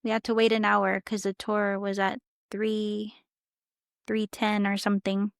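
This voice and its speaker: A woman's voice: mid-range voice, monotone, measured pace, creaky, clear, resonant tone, no echo, studio quality. A young woman chatting casually as a podcast guest, telling a travel story in a rambling way with lots of fillers. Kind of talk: casual chat.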